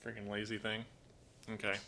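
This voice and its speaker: A man hosting a casual live stream from home, chatting in a rambling way, reading viewer comments aloud and talking softly to his pet bird. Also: fairly low pitch, monotone, a little fast, vocal fry, a little hiss or hum. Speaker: live-stream host and toucan owner. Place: at home indoors.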